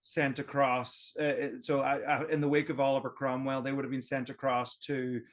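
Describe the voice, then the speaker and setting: A man's voice: mid-range voice, level tone, moderate pace. A man on a roundtable podcast, explaining history at length in a casual way, with lots of "um" and restarts. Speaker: podcast co-host.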